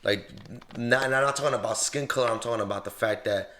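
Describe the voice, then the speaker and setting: A man at a middle pitch hosts a casual podcast chat, responding in an earnest, reflective way. His voice sits in an ordinary male range. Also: quick pace, sharp tone. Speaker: podcast host.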